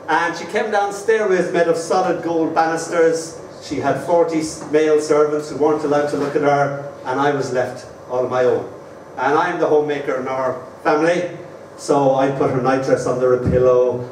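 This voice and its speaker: A man's voice: mid-range voice, darkish tone, a little hiss or hum. Irish man reciting poems in an echoey hall. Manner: wry, slow, measured recitation. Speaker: poet. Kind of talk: live poetry reading with anecdotes. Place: live performance venue. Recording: roomy hall from far off.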